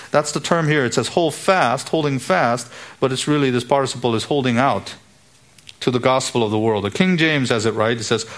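A male pastor preaching an expository sermon, reading and explaining scripture verses, with light laughs between his points. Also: mid-range voice. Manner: expository preaching, rising emphatic when quoting scripture.

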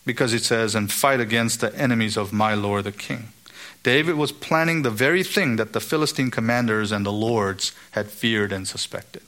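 A man's voice: fairly low pitch, normal speed, fairly bright tone. A man giving an expository Bible teaching, asking rhetorical questions and acting out the lines of the characters he quotes.

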